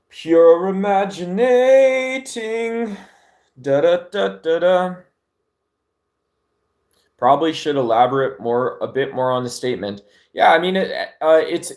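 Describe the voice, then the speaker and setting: A man from Arizona hosting a casual livestream chat, laid-back and rambling, with many fillers and restarts, talking into his phone at home. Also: mid-range voice. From Arizona, United States. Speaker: livestream host.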